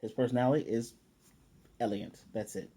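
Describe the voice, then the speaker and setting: A man's voice: mid-range voice, steady tone, fairly quick, dark tone, slightly rough. A man casually recapping and reviewing an anime episode, chatty and opinionated, with frequent fillers.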